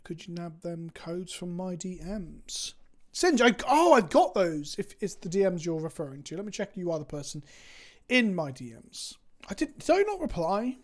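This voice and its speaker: Casual English male streamer, animated, rambling and foul-mouthed. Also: high-pitched, normal speed. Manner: rambling, sweary, self-mocking banter. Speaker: Magic card game content creator. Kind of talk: casual chat on a live stream.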